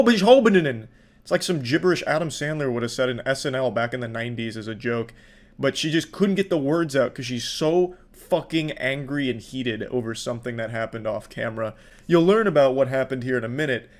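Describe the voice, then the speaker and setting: A young man giving sardonic reaction commentary in a deadpan way, swearing a lot. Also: mid-range voice. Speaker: commentary YouTuber.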